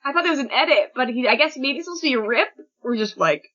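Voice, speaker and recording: A woman with a high, bright voice chats casually as a podcast host. She is lively, laughs often and jumps into a raised voice to act out quoted lines. The audio is dull and lo-fi. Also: very fast. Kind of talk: casual chat recapping a manga chapter.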